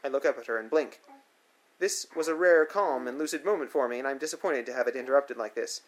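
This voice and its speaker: A man's voice: medium pitch, fast. Dry, wry male memoir narrator. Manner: dry, wry, matter-of-fact storytelling. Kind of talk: first-person memoir narration.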